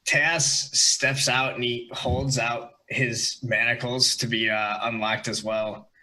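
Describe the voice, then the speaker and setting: A man's voice: medium pitch, slow pace, rough recording. A man playing a tabletop game, describing his character casually with lots of "like". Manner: casual, relaxed, hedging with "like". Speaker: player.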